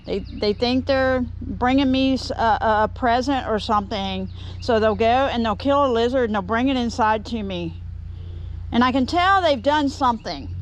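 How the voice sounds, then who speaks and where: Rambly lady talking wood out in her workshop, kinda high voice, faint outdoor hum behind. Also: moderate pace, highs cut off. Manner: chatty and rambling, talks to viewers and shoos a bee. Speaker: woodturning vlogger. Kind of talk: casual chat while working in a workshop.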